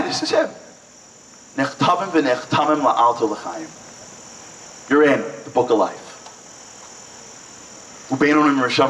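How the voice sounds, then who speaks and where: A man's voice: mid-range voice, a bit bright. A man giving a passionate motivational talk at a breakfast event, building to emphatic peaks and acting out little dialogues. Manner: passionate, rising and falling with emphasis, acts out dialogue. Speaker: inspirational speaker. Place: event hall. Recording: distant mic with faint noise.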